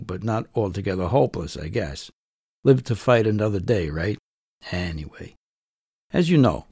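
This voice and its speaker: A man's voice: fairly low pitch, vocal fry, darkish tone, slightly rough, dry recording, studio quality. A middle-aged man hosting a podcast, telling a first-person story in a wry, conversational way. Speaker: podcast host and narrator.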